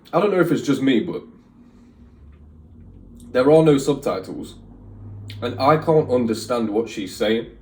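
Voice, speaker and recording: A man hosting a reaction video speaks in an animated, mid-range, darkish voice, a little slowly and with frequent pauses. He chats casually and rambles through his opinions with lots of fillers. The mic is distant, with roomy echo and faint music.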